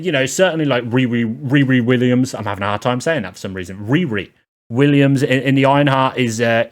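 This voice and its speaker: A man giving a sarcastic, rambling spoken film review, full of exasperated asides. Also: medium pitch.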